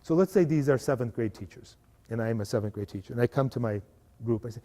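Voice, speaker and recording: A man giving a lively live workshop talk to a parish group, often asking the audience to agree. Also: medium pitch, fast talker. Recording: live hall recording with long reverb.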